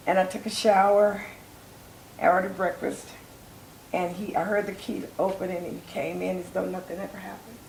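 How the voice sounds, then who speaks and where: An older woman tells stories from her life in a relaxed interview, slipping into the voices of the people she quotes. Her voice has a gravelly edge. The room sounds echoey, with a faint hiss behind her. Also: mid-range voice, normal speed. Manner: animated storyteller acting out quoted voices. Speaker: interview guest, soul singer. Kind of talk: casual storytelling interview.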